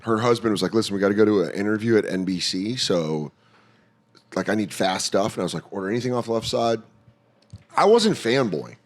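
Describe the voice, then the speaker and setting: A man's voice: on the low side, expressive, fairly quick. A man chatting casually on a podcast, telling stories and acting out quoted voices along the way. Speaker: podcast guest, comedian. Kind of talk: casual chat.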